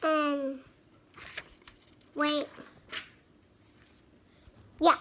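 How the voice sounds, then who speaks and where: A woman's voice: very high voice, steady tone, very slow, pauses often, sharp tone. A young girl of about nine chatting bubbly in a home vlog, with many fillers. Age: child, about 9. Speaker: vlogger. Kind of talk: casual vlog chat.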